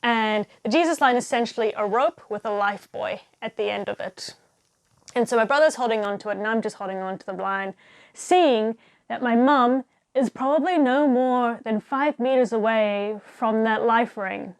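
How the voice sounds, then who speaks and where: A young woman telling a diving story in a casual, animated way, laughing often and acting out what people said. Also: fairly high pitch, moderate pace. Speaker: diver telling stories.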